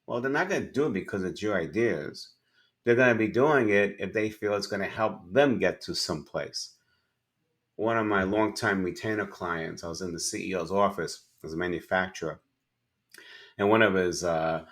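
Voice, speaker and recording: A middle-aged man with a fairly low voice gives advice as an interview guest. He talks emphatically and slips into acted-out dialogue when he tells a story. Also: normal speed, a bit bright. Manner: emphatic, acts out dialogue in anecdotes. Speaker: podcast guest, sales and leadership speaker.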